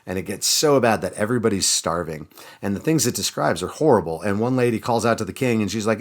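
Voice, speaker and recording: A man hosting a daily Bible reading, retelling the stories casually and slipping into lively quoted voices. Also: on the low side, fast. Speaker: church Bible reading host.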